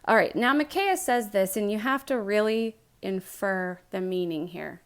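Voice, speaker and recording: A woman's voice: medium pitch, animated, moderate pace, hardly any pauses, clear, resonant tone. A woman teaching a casual Bible study, retelling scripture in a chatty, joking way.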